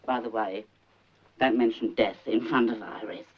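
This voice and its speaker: This older character, a fussing, gossipy mother pretending to be a psychic in a 1970s film comedy, rambles in a theatrical, nagging, overbearing way. The performer's voice is mid-range and natural with a breathy edge, fairly even intonation and a moderate pace. Faint hiss runs under the dull old soundtrack.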